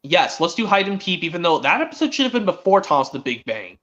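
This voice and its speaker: A man hosting a stream, chatting excitedly as a fan and rambling with frequent restarts. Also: sits high, fast talker. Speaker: stream host. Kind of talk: casual fan chat. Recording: dull lo-fi stream audio.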